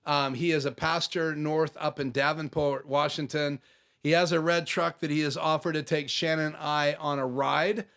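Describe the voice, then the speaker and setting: A man's voice: on the high side, fairly even intonation, normal speed, a bit bright. Chatty man hosting a live stream. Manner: chatty, reading out and answering viewer comments. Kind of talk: casual live stream chat. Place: home office.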